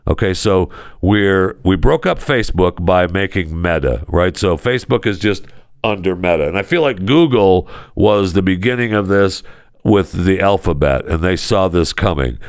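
Gravelly sarcastic podcast host, man. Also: deep voice, lively intonation, normal speed, dry recording, studio quality. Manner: sarcastic, exasperated, swings into mock voices. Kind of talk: casual comedic talk-show rant.

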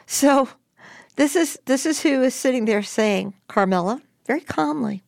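An older woman telling her own story in an interview, lively and animated as she acts out what was said. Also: high voice, measured pace, gravelly, dry recording, studio quality. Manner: lively, animated retelling with voiced quotes. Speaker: storyteller guest.

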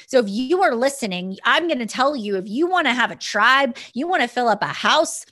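A woman's voice: a little high, animated, fairly quick, bright, forceful tone. A young woman, a business mentor, telling a motivational story in an earnest, storytelling way. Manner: earnest storytelling, many restarts. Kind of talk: motivational podcast talk.

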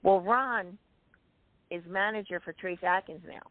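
A woman telling a backstage story in casual chat, often clearing her throat. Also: medium pitch, unhurried, dry recording. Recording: dry tinny call-quality sound.

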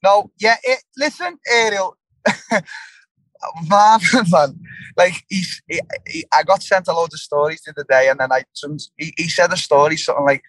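A blunt young English man talks casually in an interview, full of restarts, fillers and swearing. His voice sits slightly high for a man, and it sounds close and dry with little room to it. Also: normal speed, a bit bright, no echo, poor audio. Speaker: fighter, guest.

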